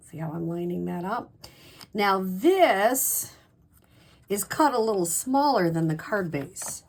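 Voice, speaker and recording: A woman's voice: mid-range voice, husky. A woman giving a casual craft tutorial as a demonstrator, chatty, with frequent ums and self-corrections.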